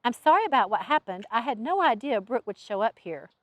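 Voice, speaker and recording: A woman storyteller voices an earnest young woman, an angel in training, with a Southern accent and a pleading, apologetic manner. The voice sits high, sing-song and a bit bright, swinging widely through each line at a fairly quick pace. The recording is close and dry.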